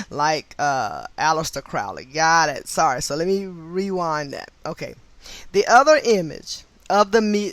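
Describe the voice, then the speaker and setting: A woman's voice: lowish voice, dry recording. A woman reading a nonfiction book aloud, stopping to spell out names letter by letter and add short asides of her own. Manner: spells out names letter by letter, interjects brief agreement. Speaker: book reader.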